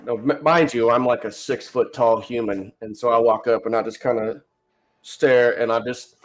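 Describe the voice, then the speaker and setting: Male player in a casual tabletop session, chatty and animated. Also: medium pitch, moderate pace.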